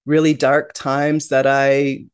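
A middle-aged woman from Canada, interviewed as a guest, takes it slowly as she recounts her life with reflection and candor, full of restarts and "you know." Her very deep voice is smooth, her delivery flat. Clean, dry studio audio.

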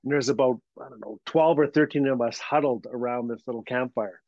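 A man from Northern Canada, a guest telling a story in a lively way, laughing as he goes and acting out the voices. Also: medium pitch, brisk, no echo. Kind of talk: animated storytelling. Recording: dull lo-fi sound.

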